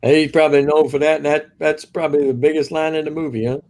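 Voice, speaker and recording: A man's voice: fairly high pitch, flat delivery, fast talker, darkish tone. A man co-hosting a live stream, chatting easily, laughing often and reading out viewer comments. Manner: easygoing, laughs often, reads chat aloud. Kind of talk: casual chat.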